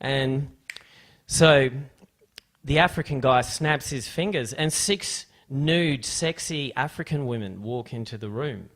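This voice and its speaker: A man's voice: medium pitch, slow, fairly bright tone. A man hosting a live radio show, telling a joke in a loose, rambling way with lots of fillers and restarts. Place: radio studio.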